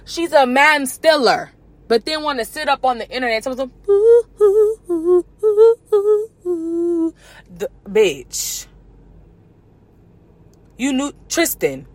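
A woman's voice: high-pitched, lively intonation, a little slow, long pauses, no room sound. A woman hosting a podcast, ranting about celebrity gossip in a brash, sassy, profane way, with mocking put-on voices. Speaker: podcast host.

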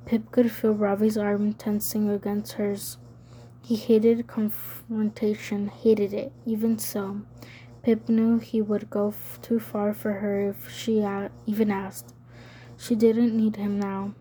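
A woman reading a novel aloud as an audiobook narrator, measured and even. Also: medium pitch. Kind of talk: scripted narration.

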